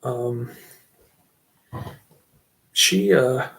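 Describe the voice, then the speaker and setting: A man's voice: medium pitch, animated, extremely slow, creaky, fairly bright tone. A middle-aged man giving a casual, rambling channel update, often breaking into chuckles. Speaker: channel host.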